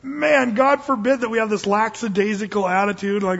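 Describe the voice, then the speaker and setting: A man's voice: sits high, a little fast, hardly any pauses, husky. An older man, a pastor, preaching a sermon in a casual, earnest way that rises suddenly into emphatic bursts. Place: church service. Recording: dull, long-reverb church recording.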